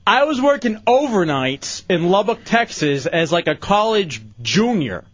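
A man's voice: high-pitched, very animated, measured pace, a bit bright, lo-fi sound. A man in his thirties hosting a talk show, joking in a self-deprecating, laughing way. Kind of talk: casual studio banter.

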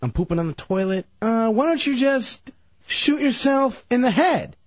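Man putting on a gruff curt impression, high voice that swings around, dry lo-fi radio sound. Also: animated, normal speed, no echo. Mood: dismissive. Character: gruff, dismissive impression of the male host. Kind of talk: radio comedy bit. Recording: dull lo-fi radio broadcast.

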